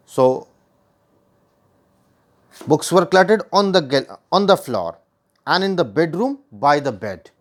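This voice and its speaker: An Indian English man teaches a poem line by line, going back over each point in new words. His voice sits a little high and rises and falls a great deal. He often stops to ask the listener a question. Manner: repeats and rephrases points, asks the listener questions.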